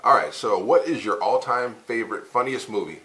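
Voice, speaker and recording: A man hosting a casual interview show, upbeat, firing quick questions and laughing along. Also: fairly low pitch, animated, fairly bright tone. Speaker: talk show host.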